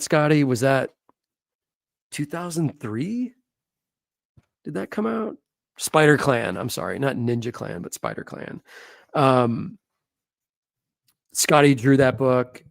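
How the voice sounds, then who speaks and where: A gravelly-voiced man gushes about comic art in a loose, slangy way, swearing casually as he goes. His voice sits mid-range, and the room is dry and close. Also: medium pitch, expressive, slow, pauses often, dry recording. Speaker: comic artist host.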